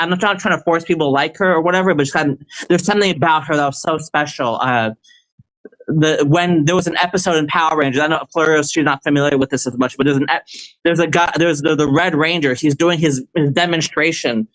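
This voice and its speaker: Man, slightly high voice, casual livestream chat, rambling, stammering restarts, heated. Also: fairly quick, fairly bright tone, poor audio. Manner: heated and confrontational when ranting. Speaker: livestream guest answering a question.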